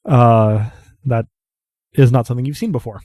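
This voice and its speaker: A man narrating a tabletop game as game master, in a measured, descriptive way. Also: medium pitch, dark tone, dry recording.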